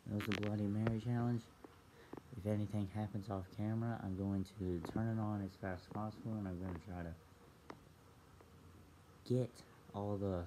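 A man vlogging casually from a dark bedroom at night, jittery and nervous, often stopping and restarting. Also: fairly low pitch. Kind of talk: casual vlog talk to camera. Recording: loud background noise.

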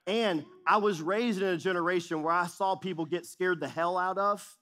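A man's voice: sits high, normal speed, pushed and bright. A middle-aged man preaching a sermon as pastor, speaking with emphatic repetition and shifting intensity.

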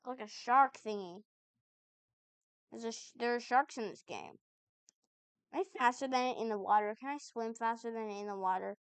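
Woman, high voice, chatty gamer commentary, bemused back-talk, dead-dry sound. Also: moderate pace, long pauses, clear, resonant tone, no echo. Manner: chatty, puzzled, talks back to the game. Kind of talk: let's-play commentary.

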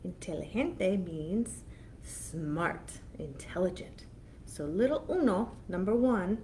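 A woman children's librarian reading a picture book aloud slowly and expressively, pausing to explain each foreign word. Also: fairly low pitch, darkish tone, slight background noise.

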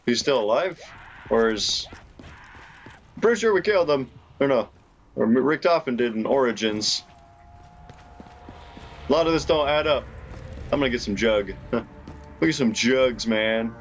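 Man doing let's play commentary, excitable, chatty, faint music underneath. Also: mid-range voice, a little slow, long pauses. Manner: excitable, laughs often, chatty. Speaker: gaming YouTuber.

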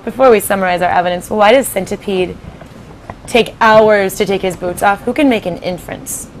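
A woman teaching fifth graders in a classroom, giving clear directions and prompting students for answers. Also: mid-range voice, moderate pace, a little hiss or hum, rough recording. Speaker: 5th grade writing teacher. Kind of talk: classroom teaching and read-aloud.

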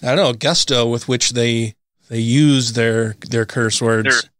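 Blunt, profane podcast co-host. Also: male voice, mid-range voice, steady tone, a little slow, a bit bright, dry recording, clean studio sound. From Utah, USA. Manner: blunt, profane, laughs often. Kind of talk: casual podcast chat.

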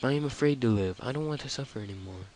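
A man's voice: medium pitch, rapid-fire, a little mellow, slight background noise, voice pushed up, close to an everyday voice. A man voicing a grieving young man in a game, speaking in a pleading, anguished way.

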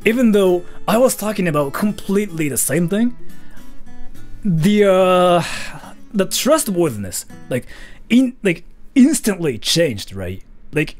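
A male streamer with a lively, bouncing voice that sits a little high. He chats casually and jokily, reading out donations quickly, with faint music playing behind him. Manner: animated, jokey, quick.

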